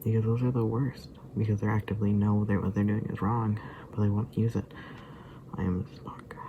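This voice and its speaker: A man's voice: fairly low pitch, little pitch movement, quick pace, muffled recording, noisy background. A tired, sleepy man rambling casually to the camera, sometimes drifting into muttered whispers. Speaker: vlogger.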